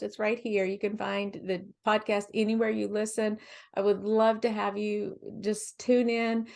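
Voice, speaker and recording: A woman guest on a faith podcast, talking in a gentle, encouraging way with frequent restarts. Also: mid-range voice, gravelly. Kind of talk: faith-based podcast conversation.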